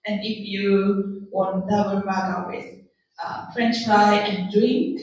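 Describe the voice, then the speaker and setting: A woman with a Japanese accent teaching a classroom language lesson, repeating words slowly and laughing often. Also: medium pitch. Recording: echoey room, distant lo-fi mic.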